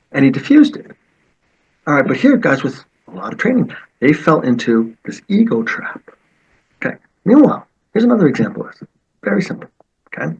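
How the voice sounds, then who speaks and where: Man, martial arts teacher, animated storyteller, husky voice, muffled recording. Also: medium pitch. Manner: animated, acts out quoted voices. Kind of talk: storytelling in conversation.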